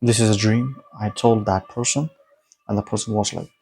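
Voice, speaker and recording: A man casually telling a story, halting often, restarting and correcting himself as he goes. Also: fairly low pitch, vocal fry, a little mellow, husky, poor audio.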